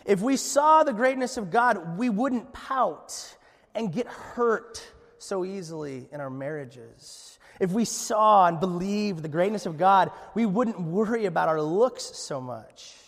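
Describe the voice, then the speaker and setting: High-voiced pastor preaching in a hall. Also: male voice, takes it slowly. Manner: animated storytelling with many restarts. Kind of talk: sermon.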